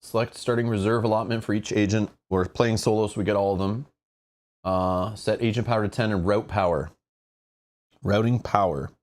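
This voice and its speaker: Male board game streamer, lowish voice, chatty think-aloud play, excitable bursts. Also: moderate pace. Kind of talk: live solo board game playthrough.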